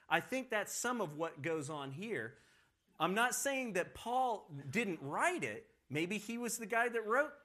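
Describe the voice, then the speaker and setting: A man teaching a Bible study lesson in a conversational, animated way, often correcting himself as he goes. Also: on the high side.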